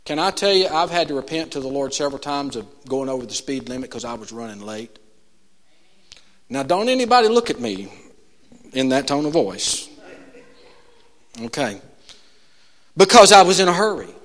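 A man preaching a sermon as a pastor, telling stories with lots of animation and swinging between hushed tones and shouts. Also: medium pitch, very animated, normal speed, long pauses. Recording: long reverb of a large hall.

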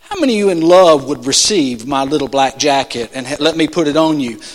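High, lively preacher in reverberant hall. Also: male voice, fairly quick. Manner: call-and-response, rhetorical questions to the congregation; shouts and drops to soft asides. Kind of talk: sermon. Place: church. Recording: long church hall reverb.

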